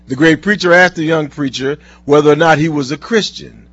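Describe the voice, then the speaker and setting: A male preacher delivering a sermon, telling stories and reading scripture slowly and earnestly in a husky voice. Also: fairly high pitch, a bit bright, no echo. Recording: dull lo-fi recording.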